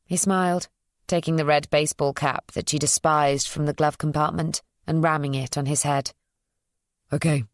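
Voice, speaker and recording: A woman reading a psychological thriller as an audiobook narrator, in an even, measured storytelling voice. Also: sits low, no echo, clean studio sound.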